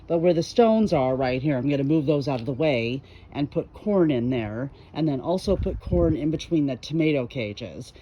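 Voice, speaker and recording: A woman's voice: sits low, warm tone, muffled recording. A middle-aged woman, chatting casually and folksily in a garden vlog, recorded outdoors in her backyard on a handheld camera. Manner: chatty, folksy, rambling with fillers. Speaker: garden vlogger.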